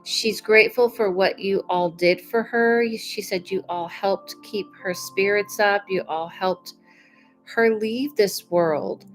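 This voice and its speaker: A woman giving live psychic readings to viewers, chatty and unhurried with frequent fillers. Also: medium pitch, faint music behind, rough recording. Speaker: psychic medium.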